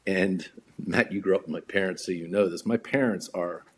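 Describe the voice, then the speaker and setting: A man's voice: low voice, moderate pace, slight background noise. A man, a podcast guest, telling a story in a casual way, acting out other people's voices and often repeating his words.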